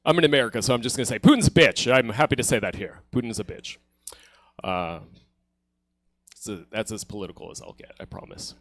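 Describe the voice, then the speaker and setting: A man's voice: on the low side, animated, fairly quick, pauses often, fairly bright tone, no echo. A man born in Ukraine doing a playful, self-deprecating stand-up set on a comedy theater stage.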